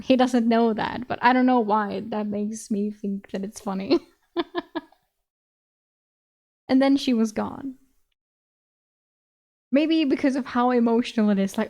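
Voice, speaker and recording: A woman's voice: fairly high pitch, fairly even intonation, normal speed, pauses often, mellow. Giggly woman reading a novel aloud. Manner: laughs often, breaks off with casual asides. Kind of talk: audiobook reading with reaction commentary.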